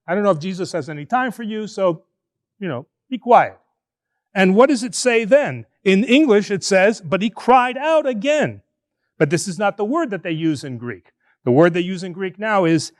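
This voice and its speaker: A man, a priest, preaching an animated, conversational sermon in church, drawing out words for emphasis. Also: sits high.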